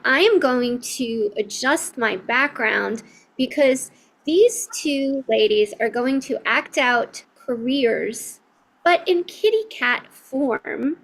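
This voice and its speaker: Slow, high-voiced woman hosting improv. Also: a bit bright, poor audio. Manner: upbeat, encouraging, speaks slowly. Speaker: improv game host. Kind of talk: virtual comedy show hosting. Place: hotel room.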